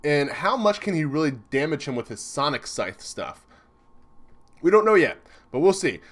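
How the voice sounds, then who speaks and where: A young man excitedly commenting live as he reads a comic chapter, chatty and laughing often. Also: on the high side, moderate pace. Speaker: streamer reacting to a manga chapter.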